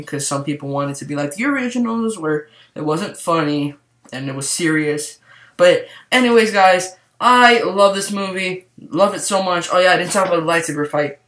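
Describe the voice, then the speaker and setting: Rambling excitable guy in a roomy echo. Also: sits high. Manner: rambling, excitable, heavy use of "like". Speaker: movie reviewer. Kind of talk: casual spoiler review to camera.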